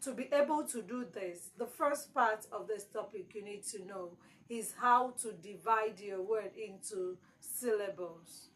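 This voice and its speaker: A woman's voice: on the high side, rough recording. A woman teaching exam prep, repeating key words with strong emphasis. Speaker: English teacher.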